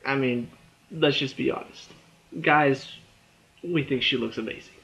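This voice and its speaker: A young man chats his way through a movie trailer review in a loose, rambling style, stopping and restarting his thoughts. He sounds a bit tired, and his voice sits at an ordinary middle pitch. The recording is dull and lo-fi. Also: measured pace, creaky, fairly bright tone. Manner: rambling and chatty, with frequent fillers, restarts and little laughs. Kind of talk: casual spoken review.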